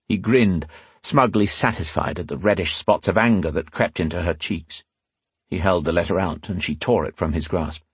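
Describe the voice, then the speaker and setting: Husky low-voiced male narrator. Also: moderate pace, no room sound. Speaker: audiobook narrator. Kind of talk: scripted narration.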